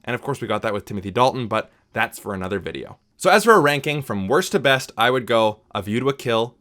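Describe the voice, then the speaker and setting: A man's voice: mid-range voice, lively intonation, fast, a bit bright. A man giving a casual spoken film review, chatty and opinionated, with frequent asides to the viewer.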